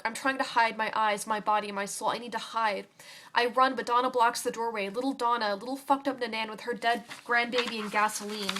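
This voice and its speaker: A young woman reads her own personal story aloud. Her voice sits a little high, and she speaks quietly, pausing with fillers and restarting words. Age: young adult.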